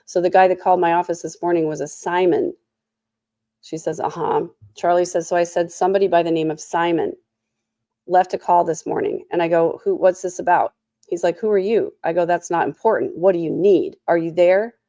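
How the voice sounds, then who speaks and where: A woman's voice: lowish voice, fairly even intonation, fairly quick, mellow, no room sound, studio quality. A tired woman with a sore throat hosting a casual trial recap, full of snarky, sarcastic asides. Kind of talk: casual commentary.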